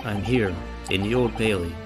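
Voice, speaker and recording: A man's voice: on the low side, moderate pace, over music, low-quality recording. A man streaming a game, reading the dialogue in an earnest, slightly hesitant way.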